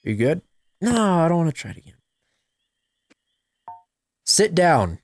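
A woman's voice: lowish voice, big pitch swings, fast talker, noisy background. A woman giving casual gameplay commentary, sarcastic and playful, chatting to a virtual puppy.

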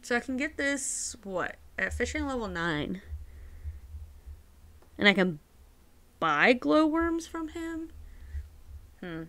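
A woman with a mid-range, slightly bright voice streams a game live, casually talking with chat and other players. She giggles a lot and now and then puts on a playful, accent-like voice.

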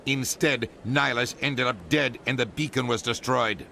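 An actor playing a stern, indignant human ambassador in a game. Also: male voice, mid-range voice, steady tone, moderate pace, gravelly, slight background noise. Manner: sharp, demanding, stern. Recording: game audio over music.

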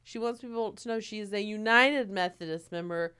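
A woman's voice: medium pitch, a little fast, smooth. A woman with a Southern US accent co-hosting a podcast, playful in casual chat. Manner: playful, bursts into hymn singing, loud laughs. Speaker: podcast co-host.

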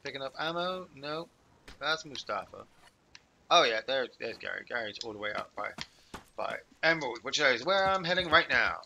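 A man's voice: mid-range voice, lively intonation, moderate pace, creaky, pushed and bright, slight background noise. A man streaming a game, chatting loosely and swearing freely as he plays. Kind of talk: casual gaming chat.

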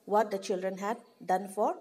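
A woman's voice: medium pitch, fairly even intonation, moderate pace, a little mellow. A woman teacher, reading a story aloud and explaining it to pupils, often repeating herself. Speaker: English teacher.

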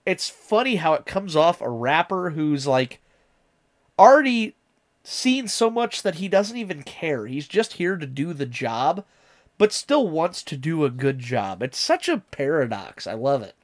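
A man's voice: on the high side, big pitch swings, unhurried. A man streaming a casual reaction, chatty and enthusiastic as he explains lyrics.

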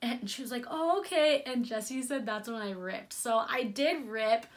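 Gushing young woman with a high voice. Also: normal speed. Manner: chatty and gushing, many fillers, addresses viewers as "you guys". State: near tears at moments. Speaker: vlogger. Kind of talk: casual birth story vlog.

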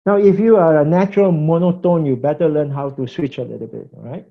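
Male pastor-teacher, animated lecturer with a fairly high voice, dull lo-fi recording. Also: normal speed, vocal fry, long pauses. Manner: animated, mimics preaching styles, chuckles. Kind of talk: lively classroom lecture.

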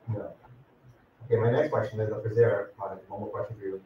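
This law professor's voice sits on the low side, brisk and dark, as he casually calls on students by name with questions during a law class. The lecture classroom recording is distant, echoey, and dull, with slight background noise.

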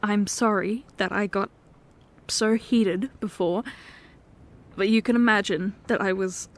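Slow, tender woman in whispered role-play. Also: medium pitch, steady tone. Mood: apologetic. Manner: tender, pleading, soft-spoken. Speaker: ASMR performer.

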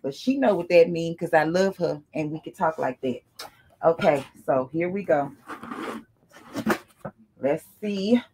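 A woman chatting casually to her viewers as she unboxes gifts, calling them y'all and breaking into excited exclamations. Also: low-pitched, measured pace, long pauses, noisy background.

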